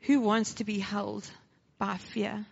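Speaking slowly in a mid-range voice with a creaky, breathy edge, a South African woman gives her testimony at church. She tells it in a lively way, voicing the dialogue herself, then moves into a brief sermon, all captured on a dull lo-fi recording.

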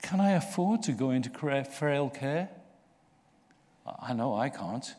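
A man preaching a sermon, slow and earnest, rising in force for emphasis. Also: mid-range voice, lively intonation, darkish tone. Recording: long reverb of a large hall.

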